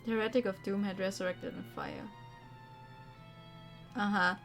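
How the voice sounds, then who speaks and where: A woman streamer reads a game's story aloud with theatrical emphasis. Her voice sits at an ordinary middle pitch, and she breaks off now and then for casual remarks. Faint music plays behind her. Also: wildly swooping pitch, moderate pace, gravelly, fairly bright tone. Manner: dramatic read-aloud with chatty asides. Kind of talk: reading game text aloud on stream. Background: faint background music.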